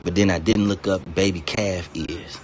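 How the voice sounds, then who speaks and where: A man's voice: sits low, steady tone, moderate pace, slight background noise. A man streaming and ranting casually, swearing constantly, laughing now and then, and drifting from topic to topic. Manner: profane, laughs between lines, digresses freely. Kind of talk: casual rambling rant.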